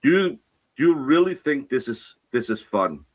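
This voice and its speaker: A man's voice: mid-range voice, sing-song, normal speed, low-quality recording. A man in an angry rant, hurling insults and accusations. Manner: furious, insulting. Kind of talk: angry ranting clip.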